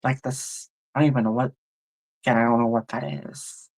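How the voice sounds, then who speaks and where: A woman hosts a tarot livestream in a loose, chatty way, musing aloud and greeting viewers by name. Her voice has a steady gravelly fry running through it. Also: extremely low pitch, normal speed. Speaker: tarot reader and livestream host. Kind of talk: casual livestream chat with viewers.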